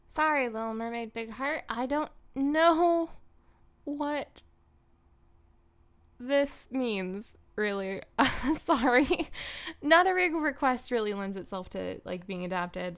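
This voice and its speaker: Woman, voice actor, casual stream chat, slow pace, self-deprecating, frequent laughs, desk mic. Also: fairly high pitch, a bit bright. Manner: self-deprecating, laughs often, many fillers.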